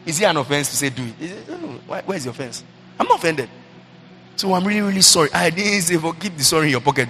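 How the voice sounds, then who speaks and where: A middle-aged man, a pastor, preaching a sermon into a handheld mic, repeating himself and breaking into lively asides. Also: fairly high pitch, fast talker, faint music behind. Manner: preaching, repetitive, animated asides. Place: church hall. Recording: reverberant hall with faint ambience.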